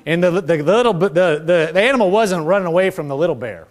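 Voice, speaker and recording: A man's voice: high-pitched, fast. A man preaching a sermon, calling on the congregation to repeat after him, with a conversational manner full of asides. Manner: lively preaching with call-and-response. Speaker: pastor.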